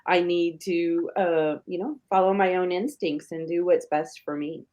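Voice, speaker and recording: An older woman speaks as a podcast guest, slowly and haltingly, with a slightly low voice. She often restarts her sentences while she searches for words. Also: steady tone, darkish tone. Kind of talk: casual podcast conversation.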